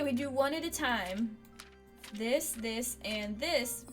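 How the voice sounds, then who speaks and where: A woman commentating her own playthrough of a cozy fantasy tavern game, talking her way through each puzzle and cheering when it works. Her voice sits fairly high. Soft game music runs underneath her talk. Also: unhurried. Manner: excitable, chatty, thinking aloud. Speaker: game streamer. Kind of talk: let's play commentary.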